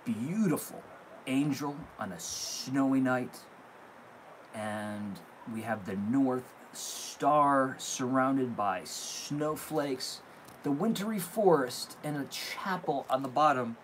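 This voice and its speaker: A man's voice: mid-range voice, takes it slowly, slight background noise, rough recording. A young man hosting a casual live stream, opening viewer mail and gushing with thanks. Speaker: candle channel host.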